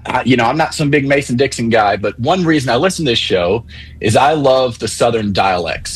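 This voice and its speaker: A male caller on a talk radio show, his voice a little husky and breathy. He talks in a measured, wry way and wanders off on side points. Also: mid-range voice, low-quality recording.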